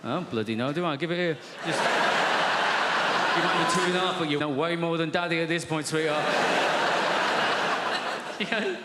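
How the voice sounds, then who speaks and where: Man, stand-up comedian, dry deadpan storyteller, higher voice, reverberant hall, background noise. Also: a little fast.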